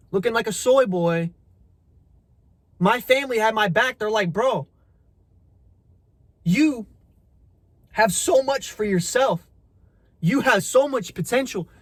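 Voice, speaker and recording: A young man delivers a preachy motivational rant straight at the listener. His voice sits high and sounds dry, with no room around it. He swears bluntly and keeps calling the listener "bro" and "brother.". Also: no echo. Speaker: motivational content creator.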